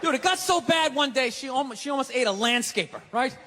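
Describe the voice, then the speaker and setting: A man's voice: very high voice, animated, quick pace, background noise. A man doing a stand-up routine on stage, ranting in a profane, exasperated way. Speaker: stand-up comedian. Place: large live venue. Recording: live hall with audience.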